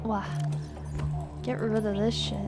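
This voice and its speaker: A young woman streaming a game live, excitable and laughing often, swearing freely and using casual gamer slang. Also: medium pitch, slow pace, over loud music. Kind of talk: live-streamed gameplay chat.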